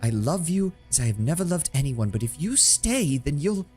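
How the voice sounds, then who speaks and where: Brief: gentle woman dryad, read out by a man, near tears, trembling plea, lifted pitch. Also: very animated, normal speed, faint music behind. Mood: pleading. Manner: trembling, pleading.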